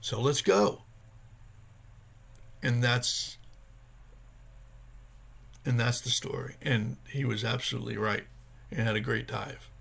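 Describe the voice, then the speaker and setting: Earnest rambling man with a gravelly voice. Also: medium pitch, steady tone, a little slow, pauses often, fairly bright tone. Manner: earnest, rambling, searching for words. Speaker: vlogger sharing his recovery journey. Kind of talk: casual personal vlog talk.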